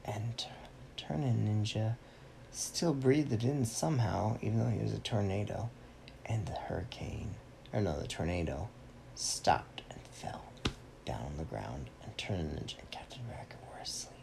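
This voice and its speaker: A man playfully making up a story aloud for a child, animated and teasing. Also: fairly low pitch, moderate pace, creaky, a little hiss or hum. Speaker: parent telling a story to a child. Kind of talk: improvised bedtime story.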